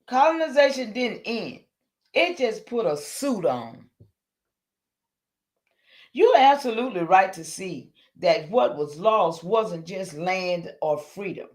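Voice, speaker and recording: A middle-aged woman, hosting a livestream and preaching to her viewers, excitable and calling out to them, breaking into shouts. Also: mid-range voice, slow. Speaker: livestream host. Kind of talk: impassioned livestream talk.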